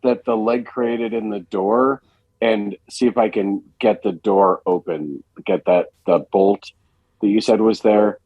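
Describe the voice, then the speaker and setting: A man's voice: on the low side, steady tone, measured pace, no room sound, muffled recording. A man playing in a tabletop game, talking bluntly, swearing and laughing. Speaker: tabletop player. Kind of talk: casual tabletop game talk.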